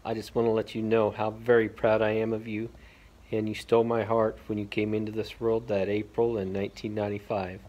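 A man, a parent, recording a heartfelt congratulation message in a steady voice. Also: lowish voice, a little fast, highs cut off.

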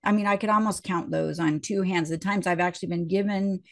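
A woman's voice: fairly low pitch, fairly even intonation, brisk, vocal fry. Woman minister telling a personal story. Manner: conversational, acts out the voices in her story.

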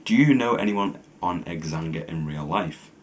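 A man's voice: low-pitched, expressive, moderate pace. A young man doing a casual challenge vlog, reading questions aloud and answering bluntly with plenty of swearing. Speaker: vlogger.

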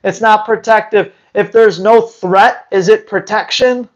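Through lo-fi audio, a dog training channel host with a high-sitting voice speaks a little slowly. He takes viewer questions live, answering in a blunt, teasing manner packed with rhetorical questions.

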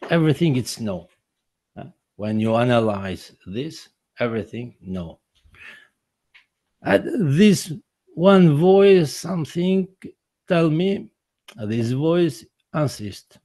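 Man, filmmaker presenting his own story, slow and halting non-native English, earnest, dry close sound. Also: mid-range voice, big pitch swings, dark tone, dry recording. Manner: halting non-native English, many restarts and repeated words. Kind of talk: personal account in a presentation.

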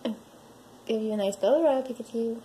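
A woman's voice: a little high, fairly quick, mellow, slight background noise, poor audio. A woman filming her cats at home, coaxing one of them with sing-song calls. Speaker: cat owner filming her pets. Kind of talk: casual home video.

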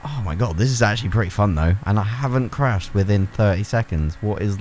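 A young man talks over his gameplay in a low but wildly animated voice. He gets excitable, laughs a lot and swears freely as he goes. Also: brisk, a little hiss or hum. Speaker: gaming YouTuber. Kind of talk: gameplay commentary.

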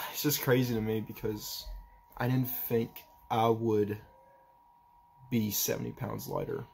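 A young man talking in a personal vlog, halting and emotional as he tries not to cry, with a faint hiss behind him. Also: fairly low pitch, steady tone, gravelly, darkish tone. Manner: halting, emotional, restarts often. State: holding back tears. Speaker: vlogger.

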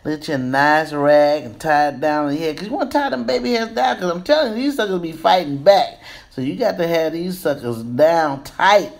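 A woman in her fifties giving a casual, playful hair tutorial, breaking into excited squeals. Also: low voice, moderate pace, vocal fry. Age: 50s. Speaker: beauty vlogger.

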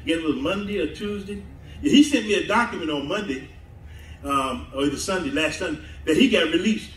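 A man's fairly quick, slightly bright, high-leaning voice carries through a church sanctuary as he preaches a sermon, laughing often and prompting call-and-response. The pastor is from the southern United States, and the recording comes from an echoey hall mic set at a distance.

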